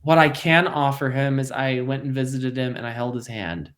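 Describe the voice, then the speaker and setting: A man, a parish priest, talking in a podcast conversation. He acts out quotes with big jumps in pitch, laughs often, and goes low and quiet on serious points. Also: moderate pace.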